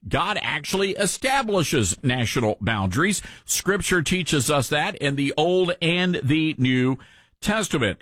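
A man's voice: fairly high pitch, a bit bright, no room sound. A man hosting an opinion commentary show, indignant and preacherly, quoting scripture.

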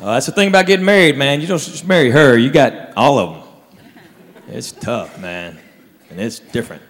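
This comedian's delivery is a little fast, with a medium-pitched, fairly bright voice and lively intonation. He's doing stand-up for an audience at a comedy club, building stories toward punchlines and mimicking his relatives. The sound was captured live on stage in a reverberant room.

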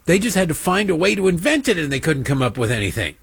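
Sarcastic, animated male talk host. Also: on the high side, fast, creaky, husky, no echo. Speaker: political talk show host. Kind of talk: opinionated monologue with mocking impressions.

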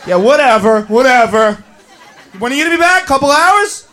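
A man's voice: very high voice, sing-song, moderate pace, sharp tone, pitched below the performer's own voice, exaggerated voice. A man playing a jealous, suspicious boyfriend who nags about his girlfriend's friends. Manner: nagging, resentful.

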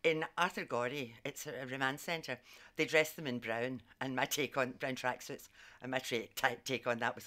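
An Australian woman, a psychic and former community worker, telling stories in a lively, laughing way as a guest. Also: very deep voice. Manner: animated, laughs often, quick asides. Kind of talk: storytelling in casual conversation.

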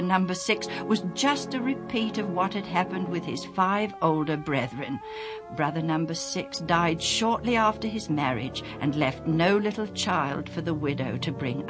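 A woman voicing a male Sadducee spokesman who poses a trick question in a mock-solemn storybook manner. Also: on the low side. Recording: music playing underneath.

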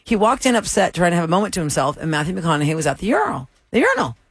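A woman co-hosting a casual talk show, telling a story with lively acted-out quotes. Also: fairly low pitch, racing, breathy edge, no echo, studio quality. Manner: animated storyteller acting out quotes. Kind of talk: casual chat.

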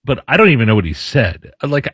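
A man's voice: medium pitch, big pitch swings, fairly quick, fairly bright tone, husky, no room sound, clean studio sound. A man hosting a casual political commentary show, talking loosely with restarts. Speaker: show host.

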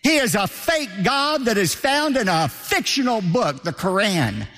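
A man's voice: sits high, sing-song, measured pace, pushed and bright, long reverb tail, faint music behind. A man preaching a sermon as pastor, emphatic, asking rhetorical questions and hammering points home with repetition.

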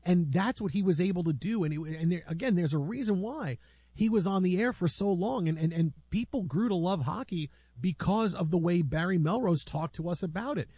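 A man's voice: sits high, fairly quick, mellow, husky, no echo. A man hosting a casual sports talk show, rambling with many restarts as he tells stories about a colleague.

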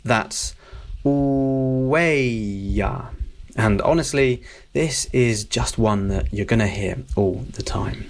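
A man's voice: fairly low pitch, gravelly. A man teaching vocabulary in a casual video lesson, often checking in with "okay?" as he explains. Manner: friendly, repeats "okay?" to check in. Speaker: language teacher.

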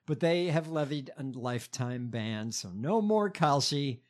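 Animated man reading news stories. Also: medium pitch, unhurried. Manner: reads stories from notes with fillers and restarts. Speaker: podcast co-host reading news. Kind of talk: casual comedic news chat.

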